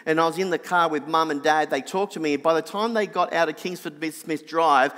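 A middle-aged Australian man with a nasal voice, telling a personal story in an animated sermon. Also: fairly quick, in a large hall. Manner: animated anecdotal, drops soft and low for reflection. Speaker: preacher.

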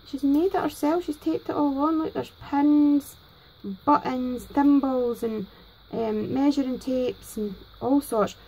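A Scottish woman hosting a crafting vlog, gushing excitedly and a bit nervously over gifts. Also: high voice, low-quality recording. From Scotland. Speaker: crafting channel host. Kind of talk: casual unboxing vlog.

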